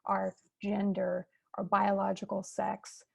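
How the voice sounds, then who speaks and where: A woman with a gravelly, creaky edge to her mid-pitched voice moderates a fireside chat. She explains ideas in a measured, teacherly way, heard over a video call. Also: completely flat delivery, darkish tone.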